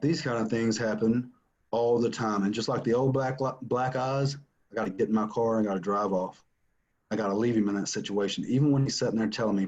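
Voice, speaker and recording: This is personal testimony from a father recounting his family story, delivered earnestly and emphatically with repetition for stress. He speaks a little fast in a medium-pitched, darkish voice, captured on a muffled recording.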